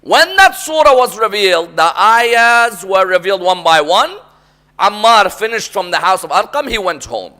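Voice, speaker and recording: A man's voice: high-pitched, animated, normal speed, pushed and bright. A man preaching a sermon as a dramatic story, often prompting the audience to respond.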